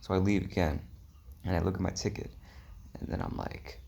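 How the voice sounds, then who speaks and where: A man's voice: low-pitched, steady tone, a little fast, creaky, dark tone, slight background noise. A young man telling a rambling travel story in a casual vlog, full of "like" and "um", slipping into whispery asides. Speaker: travel vlogger.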